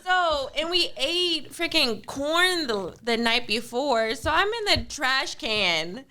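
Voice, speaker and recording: A high-pitched woman with a bright, ringing voice, co-hosting a casual podcast chat. She tells stories with lots of animation and slips into little voices for the people she quotes. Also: animated, takes it slowly. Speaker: podcast co-host.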